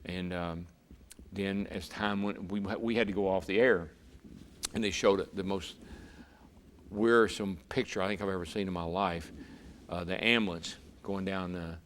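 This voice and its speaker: Ex-racer, low-pitched, spins a long story for the interviewer, stumbling over words now and then. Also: male voice, fairly even intonation, normal speed, a little hiss or hum. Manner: vivid storyteller, repeats words when emotional. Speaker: interview guest, former racer turned broadcaster. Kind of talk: storytelling in a conversation.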